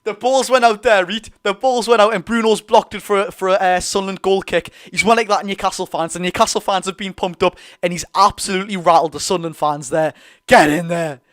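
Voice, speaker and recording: A young man with a Geordie accent giving excitable, partisan live commentary on a football match for his viewers. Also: high voice, a little fast. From North East England. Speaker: football fan streamer.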